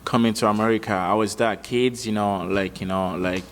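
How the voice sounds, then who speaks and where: A man from Africa, a musician guest, chatting casually in an animated, slangy way and laughing often. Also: on the low side, normal speed, in a large hall. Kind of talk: casual chat.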